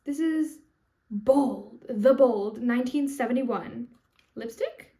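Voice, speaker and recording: A woman's voice: a little high, slow, warm tone. A young woman in her twenties chatting casually to the camera in a vlog, swearing now and then. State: out of breath. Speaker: vlogger. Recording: noisy background.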